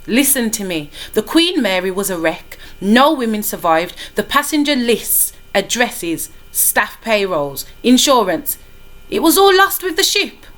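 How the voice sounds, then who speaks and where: A smug French police commissioner, all threat under polite words, his thick accent pitched a little higher than a man's as a woman reading aloud puts him on. He is calm and cold, and he speaks from the classroom reading. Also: measured pace. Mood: menacing. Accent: put-on French. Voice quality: thick accent, smooth and menacing.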